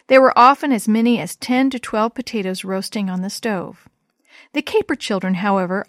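Gentle woman reading a story aloud. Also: medium pitch, dry recording, studio quality. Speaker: story reader.

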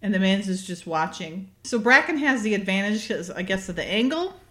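A woman's voice: medium pitch, fairly quick. A woman in casual chat recapping a movie scene by scene, giggling often and acting out bits of dialogue. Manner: giggly, animated, retells scenes with quoted voices.

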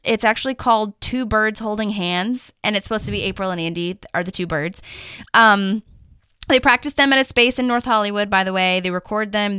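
A woman's voice: clean tone, dry recording. A woman co-hosting a podcast, chatting casually through an episode recap and animatedly acting out the quotes she retells. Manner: animated, acts out quotes with big pitch swings. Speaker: podcast co-host.

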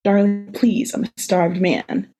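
A woman voicing a tender, protective soldier who soothes his girlfriend in a soft voice. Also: mid-range voice, fairly even intonation, slow pace. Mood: soothing.

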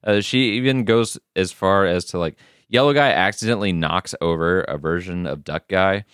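Deep-voiced man cursing casually. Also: normal speed, fairly bright tone, clean tone, no room sound, studio quality. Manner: profane, rambling, lots of fillers. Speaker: podcast co-host. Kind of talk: casual recap chat.

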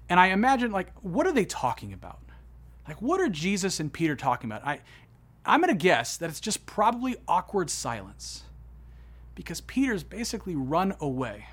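A man preaching a sermon, retelling a story with swings between hushed, solemn passages and excited, rising ones. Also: fairly high pitch, husky. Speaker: pastor.

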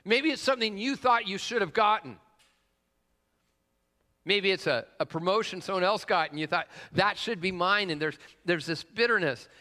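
A man's voice: high voice, animated, moderate pace, pushed and bright. A man preaching a conversational sermon and telling a personal story, with frequent "uh" fillers and questions put to the congregation. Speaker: pastor. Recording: long reverb of a large hall.

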